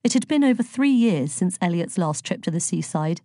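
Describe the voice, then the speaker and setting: A woman narrating an audiobook in a measured, expressive reading. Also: on the low side, no room sound, studio quality. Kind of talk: scripted narration.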